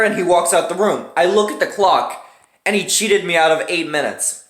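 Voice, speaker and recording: A man hosting a casual storytime vlog, talking fast and animatedly with plenty of profanity. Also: high-pitched, a bit bright, echoey room. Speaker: vlog host.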